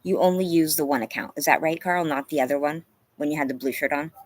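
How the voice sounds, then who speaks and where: A woman's voice: low voice, fast, no room sound. A woman hosting a casual livestream, tired and a little teary, greeting viewers by name between moments of talking to her dogs. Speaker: livestream host. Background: dogs barking.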